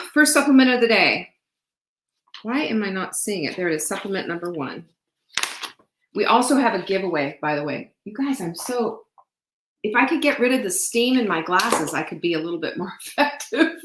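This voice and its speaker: With an expressive mid-range voice at a moderate pace, a woman hosts a live supplement sales stream from home; the sound is roomy with background noise. She's chatty and rambling, gets teary, and keeps using fillers and restarting.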